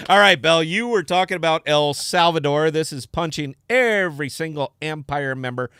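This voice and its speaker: A man's voice: fairly high pitch, moderate pace, hardly any pauses, sharp tone, clean tone, no room sound, studio quality. Laid-back man saying "man" a lot. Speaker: podcast host. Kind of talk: casual chat.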